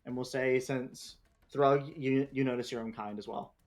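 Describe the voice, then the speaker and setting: A man's voice: mid-range voice, steady tone, moderate pace. A man running a tabletop game as game master, talking loosely with lots of fillers and restarts.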